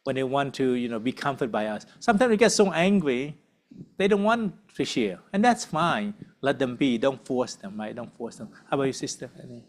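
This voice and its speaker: Male workshop leader, mid-pitched, chatty and relaxed, checks in with listeners, church group setting. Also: a little fast. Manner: conversational, frequent tag questions. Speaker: uncle.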